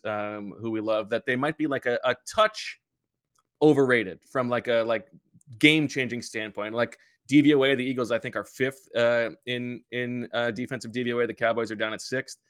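A man hosting a sports podcast in casual chat, halting with many fillers and restarts. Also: medium pitch, no room sound, clean studio sound. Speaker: podcast host.

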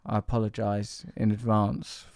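A man's voice: on the low side, level tone, normal speed, creaky, darkish tone, dry recording, clean studio sound. Playful rambling male podcast host. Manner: playful, teasing, breaks into laughter. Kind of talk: rambling casual chat.

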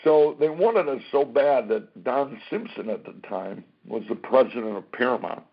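A man telling a career story as an interview guest, animated, acting out what people said and swearing freely. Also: medium pitch, moderate pace. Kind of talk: casual anecdote-telling. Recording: dull lo-fi recording.

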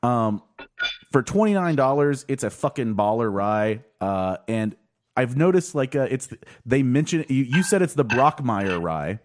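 A man hosting a podcast, chatting casually with friends and swearing as he rambles. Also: measured pace. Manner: rambling, swearing, lively pitch. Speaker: podcast host.

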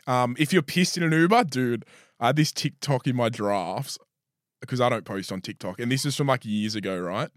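A man trading loose, profane banter as a podcast co-host. His voice is mid-pitched and sits close and dry on the mic, with no room around it. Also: moderate pace, dry recording. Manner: swearing, laughing banter. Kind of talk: casual chat.

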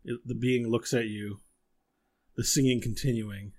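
A man's voice: medium pitch, fairly even intonation, unhurried, a little mellow. A man narrating as game master, describing scenes with fillers and restarts.

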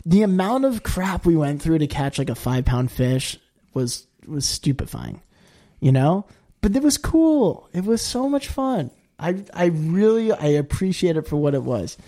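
Animated rambling man telling a story. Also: a little slow. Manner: rambling and animated, heavy use of "like", jumps to high-pitched quoted voices. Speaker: podcast guest. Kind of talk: casual storytelling.

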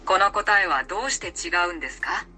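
A woman reading practice sentences as a language app voice, slow and clearly enunciated. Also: lowish voice, animated, sharp tone, soft background music.

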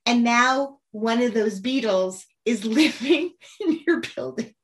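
A woman's voice: on the high side, lively intonation, takes it slowly, a little hiss or hum. A woman interviewing an author, eager and enthusiastic, asking long winding questions. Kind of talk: conversational interview.

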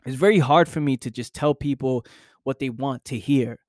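A man's voice: mid-range voice, moderate pace, dry recording, clean studio sound. A young adult man giving an intense, profane motivational monologue, full of repetition and rhetorical questions. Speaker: motivational speaker.

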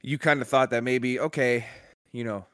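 A man's voice: medium pitch, steady tone, moderate pace, fairly bright tone, clean tone, no room sound, studio quality. A man co-hosting a casual sports podcast, joking and blunt, swearing casually. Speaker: podcast co-host.

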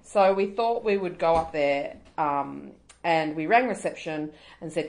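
A woman's voice: low-pitched, measured pace, darkish tone. A middle-aged Australian woman co-hosting a casual chat, ranting in exasperation and swearing freely. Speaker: podcast co-host.

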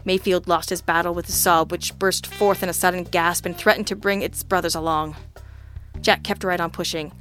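A woman's voice: fairly low pitch, steady tone, normal speed, a bit bright, faint music behind. Wry woman narrating a noir story. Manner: wry, sardonic. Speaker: audiobook narrator. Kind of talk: first-person scripted narration.

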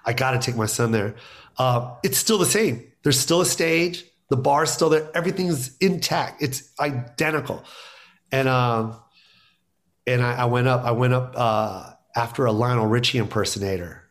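A man's voice: mid-range voice, normal speed. A middle-aged man, a stand-up comedian, telling stories in casual podcast talk, acting out quotes and laughing often.

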